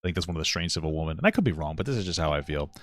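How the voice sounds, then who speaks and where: A man's voice: extremely low pitch, rapid-fire, no room sound, studio quality. A man in his thirties co-hosting a casual podcast chat, blunt and profane, often laughing at himself. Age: 30s. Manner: blunt and profane, self-deprecating, animated swings in loudness. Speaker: podcast co-host.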